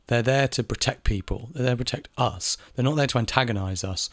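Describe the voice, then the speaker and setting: A man's voice: mid-range voice, a little fast, no echo, clean studio sound. A man talking in a casual monologue, ranting, repeating phrases and swearing now and then. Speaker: video essayist. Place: home in Spain.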